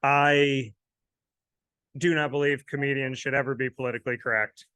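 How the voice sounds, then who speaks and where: Chatty male sports host from New York, mid pitch, dry close recording, interview banter. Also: little pitch movement, moderate pace, pushed and bright, clean tone, dry recording. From Syracuse, New York. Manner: chatty, laughs often.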